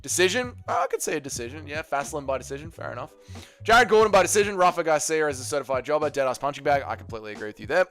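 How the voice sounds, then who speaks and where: A man's voice: fairly high pitch, expressive, racing, a bit bright, faint music behind. Crude joking male livestream host. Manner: crude, joking banter with chat. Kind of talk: casual livestream chat reading viewer comments.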